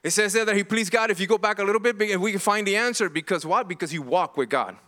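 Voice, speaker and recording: A man's voice: high voice, quick pace, pushed and bright. A middle-aged man preaching a sermon as pastor, earnest and impassioned, often restarting and repeating himself.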